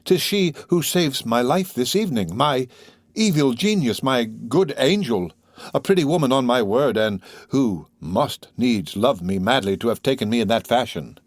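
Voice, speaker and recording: A man's voice: medium pitch, lively intonation, normal speed, no room sound, lightly acted. A man voicing a young male poet who is gallant, wordy and pleased with himself, speaking in a theatrical, musing way. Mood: dreamy musing.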